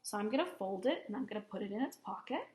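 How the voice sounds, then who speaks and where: A woman teacher giving a recorded grammar lesson for children, explaining patiently, clearly and step by step. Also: mid-range voice, lively intonation, fast talker, a little mellow.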